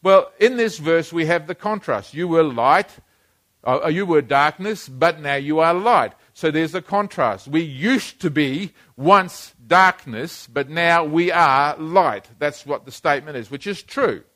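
A male preacher delivering a sermon in church, with a somewhat high voice. He speaks emphatically, repeating key phrases and calling on the congregation to say lines with him. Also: expressive, a little slow, fairly bright tone. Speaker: pastor.

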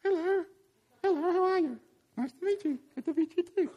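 A man voicing small, friendly talking offering-bag puppets in a bright sing-song manner, mid-sermon in a church. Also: very high voice, a little fast, dull audio, voice pushed up. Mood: cheery.

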